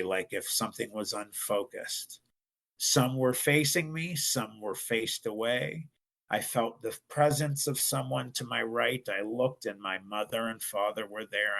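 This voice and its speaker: A man's voice: on the low side, creaky, a bit bright. A middle-aged man, a podcast guest, earnestly telling a personal story.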